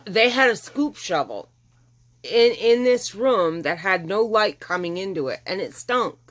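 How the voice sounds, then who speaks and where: A woman's voice: medium pitch, expressive, unhurried. A middle-aged woman, casually telling a long rambling story and acting out what people said. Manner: chatty, rambling, acts out quoted dialogue. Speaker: vlogger telling her rescue story.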